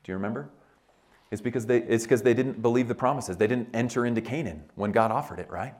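A man preaching a sermon at a retreat, animated and full of rhetorical questions, acting out scenes as he tells them. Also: quick pace. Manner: animated, acts out scenes with big pitch jumps and rhetorical questions. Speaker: pastor. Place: retreat meeting room.

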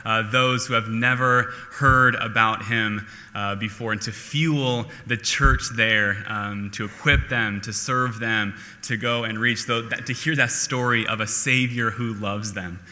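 A man's voice: on the low side, steady tone, measured pace, few pauses, bright, forceful tone, in a large hall. A man preaching a sermon to his church in a casual, self-deprecating way, with many fillers and restarts. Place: church sanctuary.

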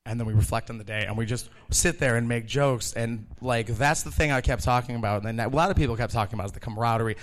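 An animated man in his thirties tells a story live, laughing often and acting out the voices of the people in it. His voice sits at an everyday middle pitch. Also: quick pace, hardly any pauses. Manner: animated, laughing, acts out quotes. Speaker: storyteller, kitchen manager.

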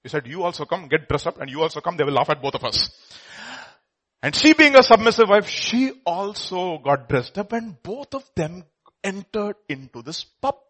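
A man preaching a sermon, telling a story and acting out its voices, swinging from loud to hushed. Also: high-pitched, big pitch swings, moderate pace.

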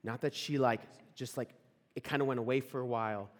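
The recording, echoey from a large hall, captures a young campus ministry speaker preaching casually through stories to a live crowd. His voice is medium-pitched and steady, his pace brisk, and he talks in a loose, chatty way with plenty of "like" and questions directed at the audience.

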